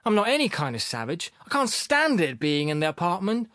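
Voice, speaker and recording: A man's voice: mid-range voice, expressive, slow, darkish tone, smooth, no echo, clean studio sound. A man voicing a crude, surly man made from a dog, sullen and whiny in manner.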